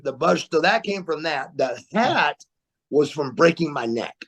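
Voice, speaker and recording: A man with a slightly high voice tells stories from his career as a podcast guest. He talks in an animated, repetitive way, restarting phrases and laughing along. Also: measured pace, creaky. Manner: animated storyteller, repeats words, laughs often. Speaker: guest, former wrestler. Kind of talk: storytelling interview. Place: remote interview, podcast.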